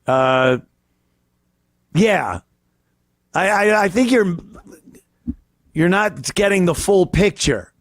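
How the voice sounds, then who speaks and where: Slow, crude-talking male podcast host. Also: sits high, lively intonation. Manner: crude, profane and rambling. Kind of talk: casual comedy podcast rant.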